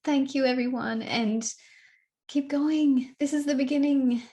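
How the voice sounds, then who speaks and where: Moved woman host, bright higher voice. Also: steady tone, unhurried. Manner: affectionate, laughing. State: moved, near tears.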